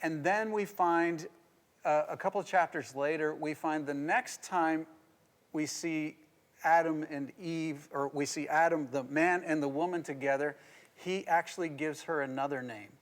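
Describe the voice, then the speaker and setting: A middle-aged man, a pastor, teaching a marriage devotional in a playful, animated way and laughing as he goes. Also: a little high, normal speed. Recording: long reverb.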